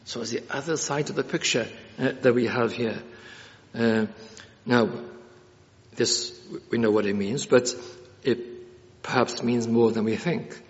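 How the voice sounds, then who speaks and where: A man's voice: mid-range voice, fairly even intonation, unhurried, long pauses. A man preaching an expository sermon, earnest, repeating key phrases for emphasis, with frequent filler hesitations. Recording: dull sound with long reverb in a hall.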